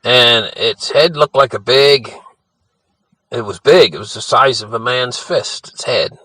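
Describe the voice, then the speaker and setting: A man's voice: mid-range voice, a little slow, pushed and bright, dry recording, rough recording. An older man telling a childhood story in a casual, rambling way, often adding "you know" and restarting his sentences.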